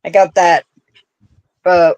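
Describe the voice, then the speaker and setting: A woman's voice: fairly low pitch, level tone, slow, darkish tone. A woman with a central Pennsylvania accent, chatting casually on a craft livestream, laughing often and reading out viewer comments. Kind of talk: casual chat while crocheting.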